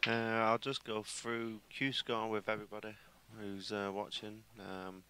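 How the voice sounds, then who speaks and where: A man commentating live on a pool match, chatty and excitable as he reels off a run of scores. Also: on the low side, measured pace, a little hiss or hum.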